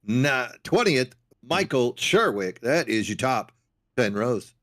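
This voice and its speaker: A man co-commentating a sim race broadcast, relaxed and joking as he reads the starting grid. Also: medium pitch, takes it slowly.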